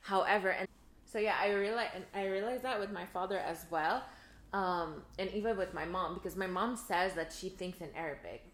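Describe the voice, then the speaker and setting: A young woman from Montreal whose first language is French, co-hosting a podcast in relaxed, chatty casual conversation. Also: on the low side, normal speed, a little hiss or hum. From Montreal, Canada. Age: young adult. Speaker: podcast co-host. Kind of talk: casual chat. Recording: roomy echo.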